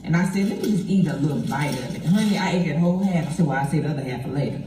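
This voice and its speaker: A woman filming herself in her car, reviewing a sandwich with exuberant, drawn-out, gospel-style exclamations, speaking with her mouth full at times. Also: deep voice, lively intonation, dark tone. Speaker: food video creator. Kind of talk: casual selfie food review. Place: in a car, clip replayed in a meeting hall. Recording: video played over hall speakers, echoey from far off.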